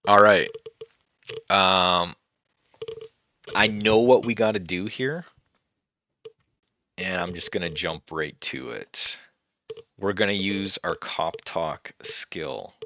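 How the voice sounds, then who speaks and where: A man hosting a retro game let's play, chatting casually and reading the on-screen text aloud as he thinks out loud. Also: low voice, slow, long pauses, highs cut off. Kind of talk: casual gameplay commentary.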